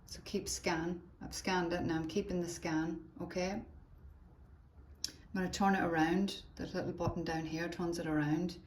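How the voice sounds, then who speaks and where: A lower-voiced woman talks teachers through a phone demo in real time, chatty and thinking aloud as she works. The room rings with echo, and a faint hiss sits under her voice. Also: fairly even intonation, normal speed. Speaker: teacher trainer. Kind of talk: live phone demo tutorial.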